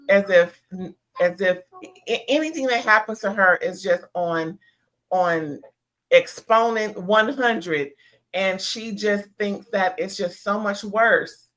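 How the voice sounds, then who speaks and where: A woman's voice: medium pitch, takes it slowly, a bit bright. A woman hosting a live show, reviewing a reality TV episode in casual, emphatic chat and talking straight to her viewers. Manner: emphatic, talks to viewers as "y'all". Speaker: host.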